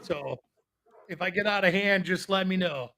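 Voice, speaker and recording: A man's voice: sits high, normal speed, pushed and bright. A man co-hosting a horror podcast, chatting in a rambling, joking way. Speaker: podcast co-host. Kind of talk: casual chat.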